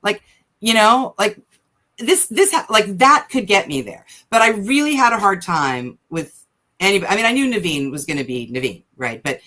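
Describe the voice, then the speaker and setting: A woman writer on a podcast as a guest, talking quickly and thinking out loud in casual conversation with many fillers. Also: medium pitch, expressive.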